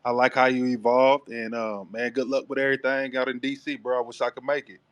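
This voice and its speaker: A laid-back male caller from Texas greets the host in a friendly way. He speaks in a flat, even tone, and the audio is dry. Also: medium pitch, a little fast, smooth, no room sound. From Port Arthur, Texas.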